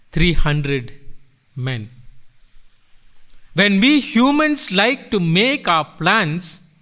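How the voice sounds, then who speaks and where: A middle-aged man preaching a sermon in church, with sweeping swells and drops in pitch and loudness. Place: church sanctuary.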